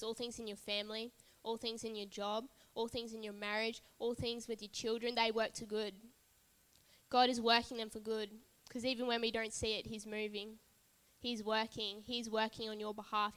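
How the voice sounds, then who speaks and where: A woman's voice: a little high, a bit bright, big-room sound. A woman preaching a sermon at a church service, earnest and repetitive, building emphasis phrase by phrase.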